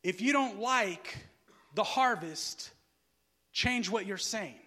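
A man preaching a sermon, asking the listeners to fill in words and swinging between quiet, low asides and loud, shouted emphasis. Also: lively intonation, slow. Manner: asks the crowd to finish his sentences.

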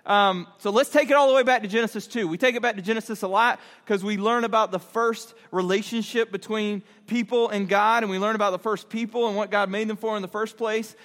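Youth pastor guy, high voice, chatty and animated, big echoey hall. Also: a little fast, hardly any pauses. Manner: animated, conversational, laughing at his own story. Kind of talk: storytelling sermon. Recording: long hall reverb.

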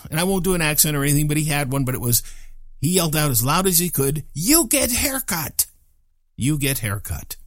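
Lively older man telling a story. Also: a little high, no room sound, studio quality. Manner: animated, self-deprecating, chuckling asides. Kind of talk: personal storytelling.

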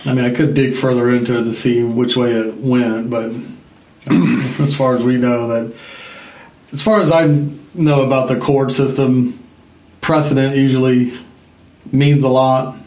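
A man's voice: medium pitch, fairly even intonation, unhurried, a little mellow, roomy sound, poor audio. A man co-hosting a casual political talk show, speaking conversationally with some hesitations. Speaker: podcast co-host.

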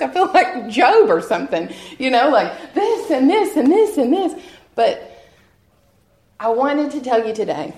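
A woman's voice: mid-range voice, vocal fry, a little mellow. A woman shares her personal testimony before a church audience. She speaks earnestly and from the heart, often laughing at herself. Her voice rings out in a roomy, echoing hall. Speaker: guest speaker sharing testimony.

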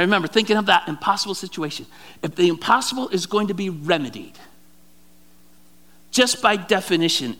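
A male pastor delivers a sermon in a high, gravelly voice with a bright, cutting edge. He preaches with animation, stacking repeated words and drawing phrases out for weight. His delivery mixes conversational asides with dramatic emphasis.

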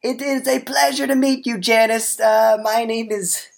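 A woman's voice: fairly high pitch, fairly even intonation, measured pace, gravelly. A woman playing a smug male farmer who sells to visitors in a hammy, sly way, in a comedy improv sketch. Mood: salesy. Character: smug male farmer brother, showy fake humility.

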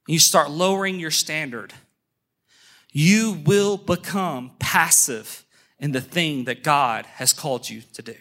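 A man preaching a sermon, emphatic, calling the congregation to look at him and say amen, slowing on key phrases and speeding through asides. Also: fairly high pitch, sharp tone. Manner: emphatic, calls for amens and attention; shifts between brisk asides and slow stressed phrases. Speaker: pastor.

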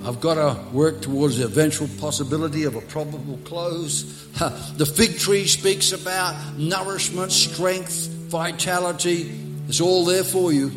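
Male pastor, passionate sermon, fairly high voice, sudden loud and soft turns, faint music behind. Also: steady tone, unhurried. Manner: impassioned preaching with sudden swings between loud and soft. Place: church service.

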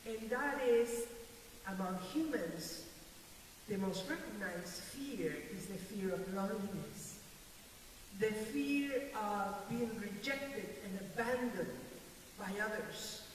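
A woman's voice: medium pitch, lively intonation, takes it slowly. An older woman pastor with a non-native English accent preaches a sermon, emphatic, repeating key phrases and laughing lightly. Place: church sanctuary. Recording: echoey hall from far off, faint hiss.

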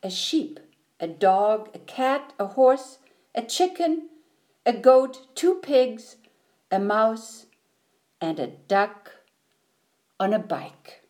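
Slow, lively woman reading a picture book. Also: a little high. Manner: expressive, sing-song storytelling. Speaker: storybook reader.

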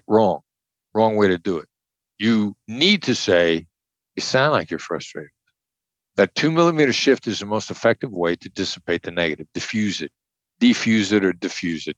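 A man's voice: low voice, a little fast, a bit bright, no echo, lo-fi sound. An older man from the Midwest, a former hostage negotiator, explaining his techniques bluntly and emphatically in an interview. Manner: emphatic, blunt, repeats key points. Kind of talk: conversational explanation.

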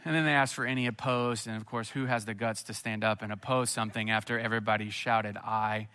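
A man from Missouri preaching a sermon, telling a personal story and then building to an emphatic, lively appeal. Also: on the low side, fast talker, smooth. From Missouri, USA. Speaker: pastor.

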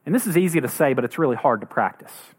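A man's voice: expressive, fast talker, breathy edge. A man preaching a sermon as pastor, earnest, acting out quoted voices now and then. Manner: earnest, acts out quoted voices with rising pitch.

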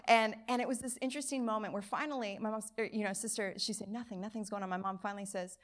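A woman preaches to her church, spinning a childhood story with animated, acted-out dialogue. Her voice sits at an ordinary middle pitch and carries the easy rhythm of a practiced preacher. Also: quick pace. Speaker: pastor. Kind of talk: sermon with personal story. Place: church service.

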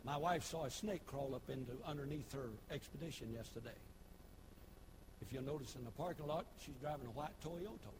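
A man preaching a sermon, folksy storytelling that builds into shouted preaching. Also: medium pitch, a little fast, background noise. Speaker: pastor. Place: church.

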